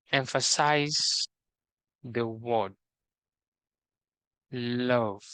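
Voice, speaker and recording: This coding tutorial is led by a man whose mid-range voice has a sharp tone, recorded without echo. Working slowly through a screen recording, he reads out every task's instructions and explains each step methodically.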